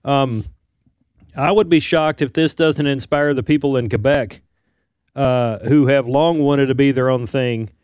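A man's voice: medium pitch, unhurried, a little mellow, clear, resonant tone, no room sound, studio quality. A man on a discussion panel, speaking in a speculative, conversational way. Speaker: panel guest.

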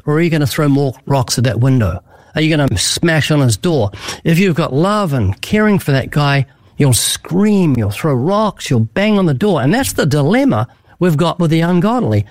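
A man with a fairly high voice speaks in an earnest, preaching manner, driving his points home with emphatic storytelling. The sound is dry and close, with no room around it. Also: very animated, moderate pace, a little mellow, dry recording. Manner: emphatic, vivid storytelling with acted-out quotes. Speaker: guest evangelist. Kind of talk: earnest preaching-style interview answers.

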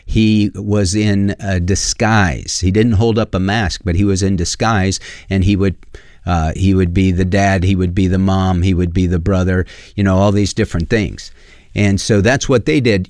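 A man's voice: sits low, fairly even intonation, moderate pace, darkish tone, no room sound, clean studio sound. A man preaching a sermon in an earnest, conversational way, with frequent fillers as he reads and explains scripture.

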